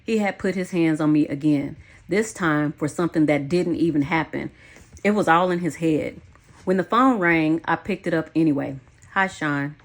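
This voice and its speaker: Female memoir narrator, lower-pitched, blunt and candid delivery. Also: moderate pace. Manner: frank, blunt, swears freely. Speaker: audiobook narrator. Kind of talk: first-person memoir narration.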